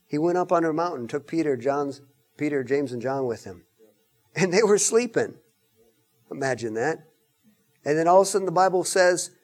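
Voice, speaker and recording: A man delivers a sermon in a high-pitched voice. He preaches with animated emphasis and breaks into joking asides now and then.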